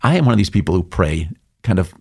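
Man, middle-aged, deep voice, gravelly, casual interview guest, joking storyteller. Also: sing-song, quick pace. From New England. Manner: jokey storyteller, acts out voices with big jumps. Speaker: interview guest, business owner.

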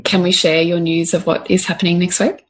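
A woman interviewing a guest, asking gentle, slow questions. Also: lowish voice, level tone.

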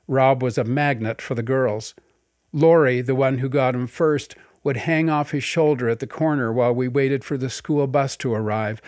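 A man's voice: mid-range voice, no echo, studio quality. An older man from Canada reading his own memoir aloud in a wry, dryly humorous storytelling manner. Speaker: memoir narrator. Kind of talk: audiobook memoir narration.

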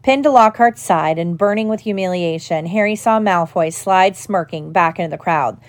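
A woman's voice: on the low side, normal speed. Woman reading a storybook aloud. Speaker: audiobook reader. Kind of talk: storybook narration.

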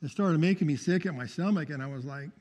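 Fervent high-voiced man preaching in a reverberant hall. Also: quick pace, a little mellow. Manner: fervent, calls out for amens. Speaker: testimony speaker. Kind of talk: preaching testimony.

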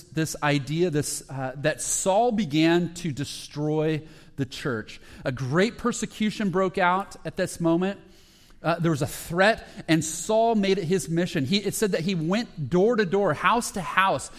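A male pastor delivers a sermon, retelling the story vividly and slipping into the voices of the people in it. His voice sits a bit higher than most men's. The sound carries a long reverb, as if from a church hall. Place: church sanctuary.

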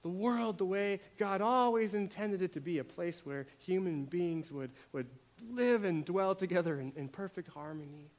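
A man delivering a sermon in a fairly high voice. He drops to near-quiet, then rises to loud, emphatic declarations, repeating words as he builds his point. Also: moderate pace, few pauses. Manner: dynamic, swings from hushed to loud emphasis. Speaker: preacher.

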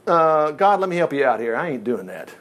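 A man's voice: a little high, sing-song, a little fast, a bit bright, voice pushed down. A man preaching who voices the prophet Jonah as a reluctant, grumbling man in offhand, casual speech.

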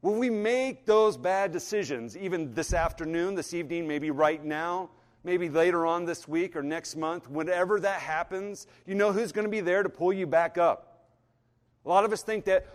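High-voiced preacher in a reverberant hall. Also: male voice, moderate pace. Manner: storytelling, acts out voices, swings from hushed to fervent. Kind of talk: sermon.

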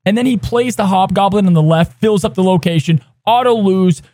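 This is a man co-hosting a casual podcast, bringing animated energy as he sets up each segment. His voice sits high for a man. The sound is dry and close to the mic, with no room around it. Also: fairly quick, no echo. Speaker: podcast co-host.

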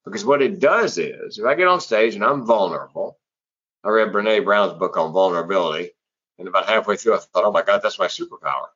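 A middle-aged man with a husky voice, a public speaker and former comedian telling stories in an interview and acting out the people he quotes. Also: on the low side, fast. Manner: animated storyteller who acts out quoted voices. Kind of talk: conversational storytelling in an interview. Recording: slightly dull, lo-fi audio.

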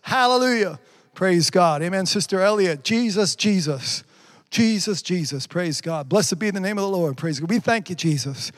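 A man's voice: high voice, lively intonation, normal speed. A man preaching a livestreamed sermon, fervently reading out viewers' comments and exclaiming praise between them. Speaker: pastor.

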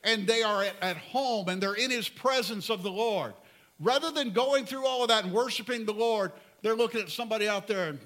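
A man preaching a sermon as pastor, earnest and pleading, at times dropping to soft emphasis. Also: sits high, a little fast.

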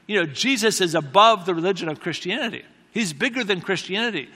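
Bright-voiced male preacher in a reverberant hall. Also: sits high, expressive, fast. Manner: conversational, self-deprecating humor, repeats key phrases. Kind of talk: sermon storytelling. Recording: long reverb of a large hall.

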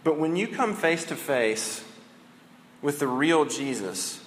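A man's voice: a little high, animated, takes it slowly, a bit bright, long reverb tail, slight background noise. A man preaching a sermon as a pastor, conversational and casual, often saying "like" and "right?".

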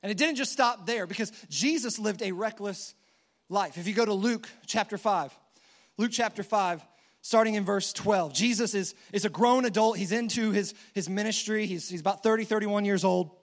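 A man's voice: sits high, moderate pace. A man preaching a sermon in a casual, conversational storytelling manner.

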